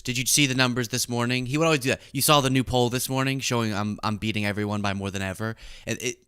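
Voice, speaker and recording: A man's voice: mid-range voice, clear, resonant tone, no room sound, studio quality. Sarcastic young man hosting commentary. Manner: sarcastic, animated. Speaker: commentary host. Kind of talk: political commentary.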